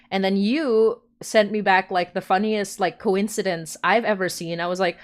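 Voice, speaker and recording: A woman's voice: mid-range voice, normal speed, few pauses. A woman hosting a podcast interview, talking casually with lots of fillers and frequent laughter. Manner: chatty, laughs often, many fillers. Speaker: podcast host.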